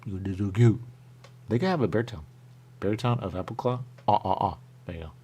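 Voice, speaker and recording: A man's voice: on the low side, a little fast, warm tone, slightly rough. A man hosting a radio show, rambling playfully in casual chat while tasting pastries. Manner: rambling, playful, jumps between thoughts.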